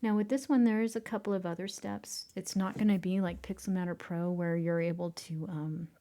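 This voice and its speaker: Her voice is lowish, warm and steady, and she moves briskly through a casual screen-recorded photo editing tutorial. She frequently drops to a whisper while working and laughs off her slip-ups with self-deprecating humor.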